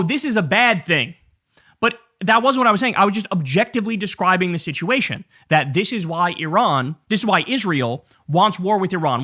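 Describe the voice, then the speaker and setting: A man in his thirties hosting a casual political commentary show, ranting with sarcasm and plenty of swearing. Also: high-pitched. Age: 30s. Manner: profane, animated, sarcastic ranting.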